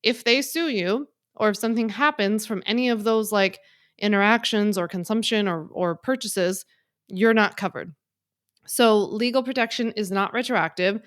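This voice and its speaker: A woman's voice: medium pitch, moderate pace, no room sound. Chatty podcast host woman, dry sound. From Philadelphia. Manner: chatty, fillers like "like", frank. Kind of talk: casual solo podcast. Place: home office. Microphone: on video in office.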